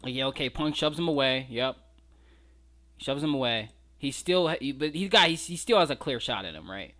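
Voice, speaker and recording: Animated man breaking down fight footage. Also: medium pitch, normal speed. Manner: incredulous, mocking, laughs often, swears casually. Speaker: wrestling commentary vlogger.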